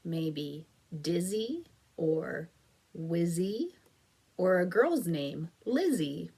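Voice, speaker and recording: A woman teacher giving a recorded phonics lesson to young children, encouraging and patient, drawing words out slowly as she claps syllables. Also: on the low side, sing-song, dark tone, husky. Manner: slow, stretched-out clapping of syllables.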